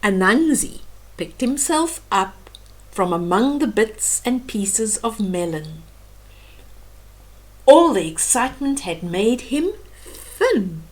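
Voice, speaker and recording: A woman's voice: medium pitch, very animated, slow. An older woman reading a children's bedtime story aloud as storyteller, with chatty asides about the pictures.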